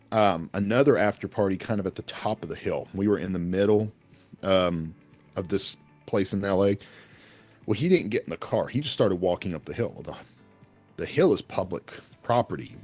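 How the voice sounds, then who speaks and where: A man talking as a podcast guest, telling animated anecdotes in a casual way and laughing often. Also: low voice. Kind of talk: casual storytelling chat.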